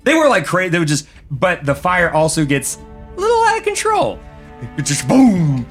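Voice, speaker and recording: A man's voice: high voice, wildly swooping pitch, brisk, vocal fry, fairly bright tone, faint music behind. A man narrating as game master of a tabletop game, rambling and often restarting his sentences. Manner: rambling, laughing, lots of restarts.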